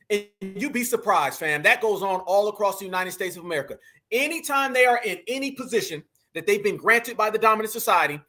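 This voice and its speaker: This man's voice is high, sharp and husky. As host of a commentary show, he reacts to clips and speaks emphatically right to his audience, repeating himself and addressing them as family.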